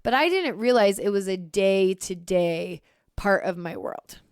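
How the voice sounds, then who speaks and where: A woman's voice: mid-range voice, expressive, unhurried, clean tone, dry recording, clean studio sound. A woman co-hosting a podcast, sharing a reflective, candid personal story in casual conversation. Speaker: podcast co-host.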